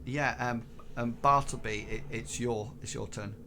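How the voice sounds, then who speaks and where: A man's voice: mid-range voice, steady tone, unhurried, sharp tone, slight background noise. Hesitant man running a tabletop game. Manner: hesitant, many ums and restarts. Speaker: game master.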